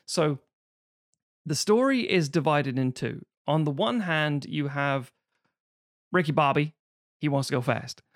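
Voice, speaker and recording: Animated, swearing man reviewing films. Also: no room sound, clean studio sound. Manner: swearing, animated, acts out quotes in sudden high voices. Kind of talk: casual film review chat.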